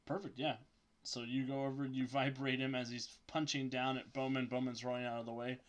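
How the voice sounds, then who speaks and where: A man running a tabletop game as game master, narrating dice rolls in a brisk, matter-of-fact way. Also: mid-range voice, flat delivery.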